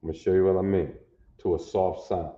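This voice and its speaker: A man teaching a language class, slow and patient, sounding out each syllable aloud. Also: low-pitched, fairly even intonation, dark tone, echoey room, highs cut off. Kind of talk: classroom lesson.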